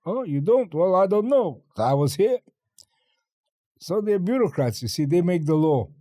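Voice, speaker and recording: A lively older man from China tells stories in an interview and acts out every exchange in voices. His pitch jumps high and low, his tone is dark and mellow, and the room sounds dry. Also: moderate pace, no echo. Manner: animated storyteller acting out dialogue, laughing often. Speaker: guest. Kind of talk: interview storytelling.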